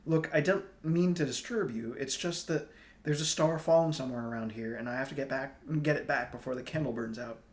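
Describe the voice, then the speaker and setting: A man's voice: mid-range voice, a little fast, lightly acted. A man voicing a young man who stammers, apologizes and pleads politely. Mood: pleading.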